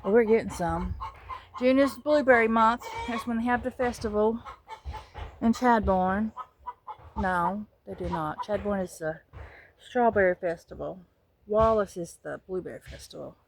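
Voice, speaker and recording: A woman's voice: medium pitch, a little slow, gravelly, slight background noise. A woman with a Southern US accent giving a casual, joking tour of her backyard garden, filmed on a handheld phone. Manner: animated, joking, chatty, swings from muttering to loud exclamations. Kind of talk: casual chatty vlog. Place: outdoor backyard garden with chickens.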